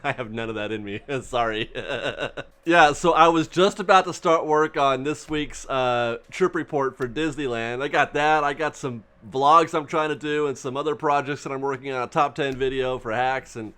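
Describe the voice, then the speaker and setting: A man talking casually as a theme park news vlogger, animated and rambling, laughing often as he speaks. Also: medium pitch, moderate pace, smooth. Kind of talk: casual excited vlog commentary.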